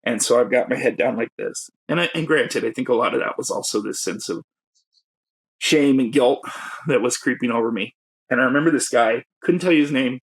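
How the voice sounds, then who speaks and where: Husky-voiced man telling his story. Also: medium pitch, fairly quick. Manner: reflective, openly emotional, laughs self-consciously. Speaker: guest, poet and educator. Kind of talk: candid personal storytelling.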